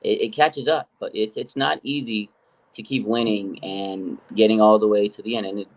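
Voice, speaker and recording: A man's voice: lowish voice, fairly even intonation, moderate pace. A man hosting a casual sports podcast, rambling through his points with lots of fillers. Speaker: podcast host.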